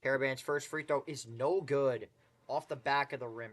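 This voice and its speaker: A man's voice: mid-range voice, steady tone, normal speed. A man doing casual live play-by-play commentary of a basketball game, with chatty asides and mild swearing.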